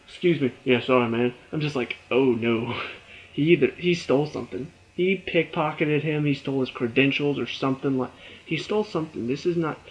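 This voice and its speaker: A man's voice: on the high side, highs cut off. A young man reviewing a TV episode in a casual, rambling way, laughing often and acting out his own reactions.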